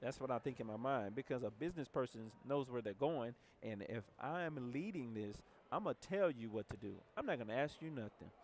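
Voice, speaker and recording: A man's voice: mid-range voice, animated, brisk, few pauses, slight background noise. Blunt, assertive man leading a team talk. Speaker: team leader. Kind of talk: motivational team training talk.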